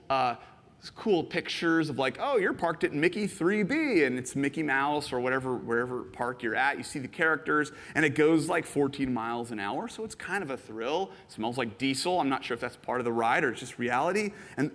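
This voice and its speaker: A man preaching a sermon, animated and playful, acting out little scenes and jumping into excited voices for the people in his stories. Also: big-room sound. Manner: animated, jumps into high excited voices when quoting. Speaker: pastor. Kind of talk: sermon with acted-out illustrations.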